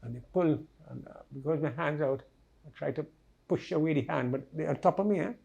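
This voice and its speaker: Older male storyteller, gravelly and fairly high-voiced, conversational and vivid, often drops to a hushed low delivery. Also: a little fast, dull audio. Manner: vivid, conversational retelling with tag questions. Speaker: storyteller recounting his life. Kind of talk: personal life-story interview.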